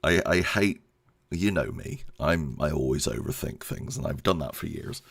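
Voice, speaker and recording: A man's voice: a bass voice, expressive, moderate pace, gravelly, breathy edge. A man giving a casual channel update, rambling and self-deprecating, laughing often. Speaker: YouTube creator.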